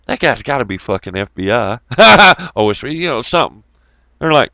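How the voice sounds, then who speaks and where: A man's voice: mid-range voice, big pitch swings, normal speed, creaky, bright, forceful tone, dry recording. A man giving a profane, rambling, jokey monologue to his viewers, laughing often. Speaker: YouTube commentator. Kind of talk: casual ranting monologue.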